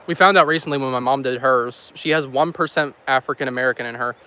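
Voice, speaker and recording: A man's voice: mid-range voice, fast talker, bright, forceful tone. A man hosting a casual weather livestream outdoors, rambling and joking with his chat while filming on a handheld phone. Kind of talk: casual live-stream chat while walking. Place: outdoors by a road in the countryside.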